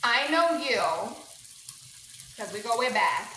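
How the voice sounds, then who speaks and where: A woman's voice: fairly high pitch, slow. A woman hosting a podcast as a family therapist, talking in an empathetic, affirming way. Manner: empathetic, affirming, animated reactions. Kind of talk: supportive interview talk. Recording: echoey room with faint noise.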